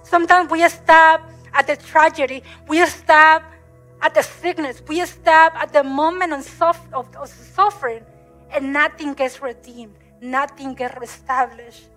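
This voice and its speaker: Woman preacher, high and bright, English, repetitive emotional sermon cadence, faint music under. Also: measured pace, rough recording.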